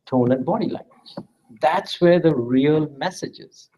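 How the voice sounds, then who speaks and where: A man's voice: a little high, measured pace, warm tone, rough recording. A man teaching a class, walking students through an exercise and drawing them in. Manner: interactive, coaxing students to take part. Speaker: instructor. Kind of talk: classroom lecture.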